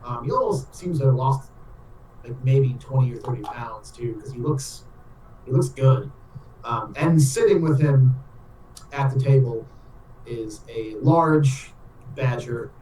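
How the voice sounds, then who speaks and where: A man narrating as game master, describing the scene casually with lots of fillers and pauses. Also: mid-range voice, dark tone, a little hiss or hum. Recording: roomy echo, distant mic.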